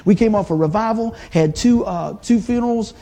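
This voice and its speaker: A man's voice: sits high, moderate pace, dark tone. A male pastor preaching a sermon in a conversational, folksy way, often adding "man" and "amen".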